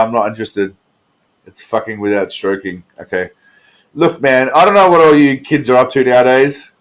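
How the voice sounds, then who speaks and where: A man's voice: medium pitch, rough recording. An Australian man chatting casually on his live stream, crude and profane as he reacts to viewer comments.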